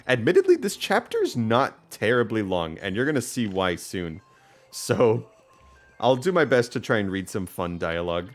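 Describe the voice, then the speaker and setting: A man's voice: on the low side, huge pitch swings, normal speed. A man chatting casually while streaming a game, upbeat and full of fillers. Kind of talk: let's play commentary.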